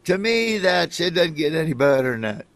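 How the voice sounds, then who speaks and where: Rambling middle-aged comedian from Nebraska. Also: male voice, on the high side, sing-song, normal speed, no room sound. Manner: rambling storyteller, acts out other people. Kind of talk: casual interview chat.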